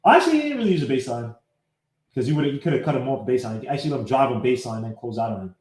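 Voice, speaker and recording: A man hosting a casual live-streamed sports podcast, breaking down game clips and greeting viewers by name in an animated way. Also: medium pitch, racing. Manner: talks while fumbling with his computer. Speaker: podcast host. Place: home setup, live streaming. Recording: echoey room.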